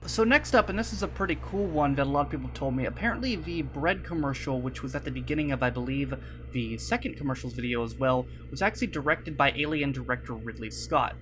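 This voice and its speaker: A fast-talking young YouTuber with a medium-pitched, slightly bright voice records a casual vlog to camera. Sitting at his computer desk, he rambles, apologizes and uses lots of fillers, while his desk mic at the webcam setup catches slight background noise.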